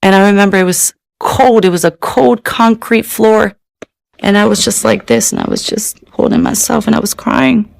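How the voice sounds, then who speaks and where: A woman shares a personal testimony in an earnest, heartfelt way. Her voice has a gravelly fry, and the recording is dry and close. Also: medium pitch, fairly even intonation, no room sound. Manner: earnest, emotional, slow in places. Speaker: testimony speaker.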